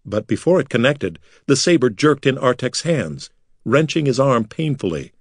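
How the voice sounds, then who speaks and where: A man narrating a fantasy audiobook in a measured, dramatic way. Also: mid-range voice, sing-song, breathy edge, no echo, studio quality. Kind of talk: scripted narration.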